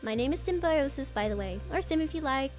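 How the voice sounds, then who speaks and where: A woman's voice: high voice, lively intonation, brisk, faint music behind, pitched above the performer's own voice. A woman reading the lines of a sly, mischievous male alien gardener in a game, with a playful, purring delivery. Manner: purring, playful, odd stress on words.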